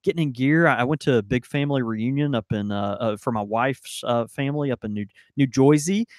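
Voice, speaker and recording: A man's voice: medium pitch, brisk, no echo. A man co-hosting a live podcast, rambling and laid-back with many fillers, on a studio mic. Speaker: podcast co-host and shop owner. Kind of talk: casual live podcast banter.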